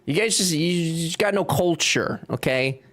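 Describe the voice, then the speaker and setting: A man's voice: on the high side, measured pace, a bit bright. A young man with a Cajun accent, chatting casually and joking with his live chat while he builds. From Louisiana. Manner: joking, reading chat aloud. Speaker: streamer.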